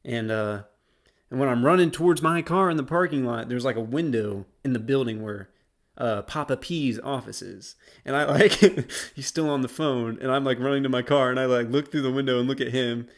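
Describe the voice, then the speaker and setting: Young man, casual storytime, slangy, rambling, mid-pitched voice. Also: moderate pace. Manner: slangy, rambling, laid-back. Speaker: YouTube storyteller.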